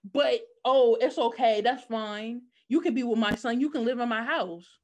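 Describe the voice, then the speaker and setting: Speaking at a normal speed in a slightly high voice, a woman recaps a TV show over casual chat. Her storytelling is lively, and she voices the characters' lines in different ways.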